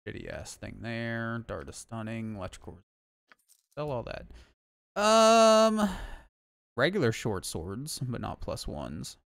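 Young male streamer, laid-back sweary chatter, mid-pitched, dry close sound. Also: takes it slowly, creaky, no room sound. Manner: relaxed, swears freely, frequent fillers. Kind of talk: casual gameplay chat.

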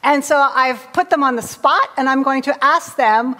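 A woman leading a children's story time in church, reading aloud in a bright, animated way while sitting on the steps. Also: high-pitched, normal speed. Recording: long church hall reverb.

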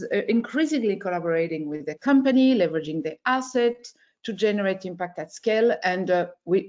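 A woman's voice: medium pitch, darkish tone, highs cut off. A woman hosting an online webinar, giving opening remarks in a hesitant way, with many filler sounds. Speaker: webinar host. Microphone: video call.

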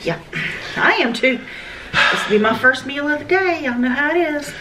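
A woman's voice: high-pitched, expressive. A woman guesting on a food video, chatting casually and laughing often. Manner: giggly, slow and drawn-out. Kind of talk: casual chat while eating. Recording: distant mic, background noise.

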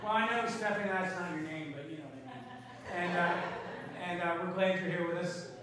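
A man's voice: high voice, fairly even intonation, fairly quick, a crowd in the background. A man speaking as a pastor, giving casual announcements and a short sermon, chatty and rambling with lots of fillers. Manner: conversational, rambling with many fillers. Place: church sanctuary. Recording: echoey sanctuary from a distance, faint noise.

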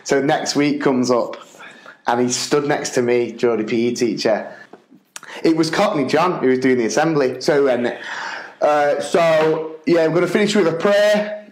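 A man's voice: medium pitch, measured pace, reverberant, poor audio. A man co-hosting a podcast, telling a school anecdote casually and laughing often as he goes. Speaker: podcast co-host and teacher. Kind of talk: casual storytelling.

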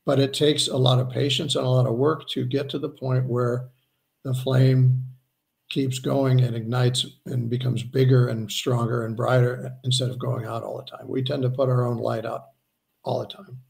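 A man, a spiritual healer, earnestly explaining his ideas in a conversational interview, slowing down to stress points. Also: medium pitch, flat delivery, vocal fry, a little mellow. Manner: earnest, slows down to stress points, acts out quoted voices.

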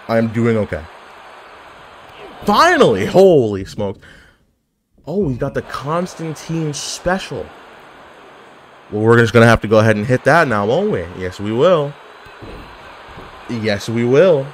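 Male gaming YouTuber, playful trash talk, lively pitch, mid-range voice. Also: a little hiss or hum. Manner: animated, yelling at the game, joking. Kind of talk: casual gameplay commentary.

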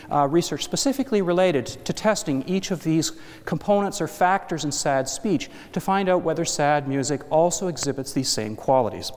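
Male lecturer, slightly high voice, explanatory, restarts mid-sentence. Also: darkish tone. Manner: explanatory, with asides and self-corrections. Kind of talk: academic lecture. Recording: hall reverb.

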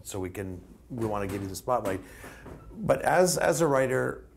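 A man hosting a casual interview show, asking long, halting questions. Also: medium pitch, lively intonation, creaky, a little hiss or hum. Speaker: talk show host.

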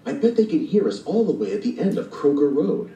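A man's voice: on the high side, big pitch swings, a little fast, mellow, echoey room, recorded from a distance, dull audio, voice pushed up. A man voicing a spirited, bossy young girl who is a big sister, in a storybook reading. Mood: playful.

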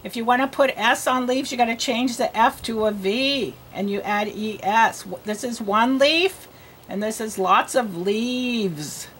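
A woman reading teacher gives a slow phonics lesson to young children, patiently sounding out letters and repeating each word. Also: fairly high pitch, a bit bright, a little hiss or hum.

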